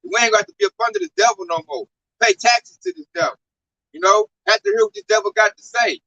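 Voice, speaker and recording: A man's voice: high voice, sing-song, quick pace, pushed and bright. A man talking in a casual religious discussion, slangy and emphatic, acting out quotes in his own words. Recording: muffled lo-fi recording.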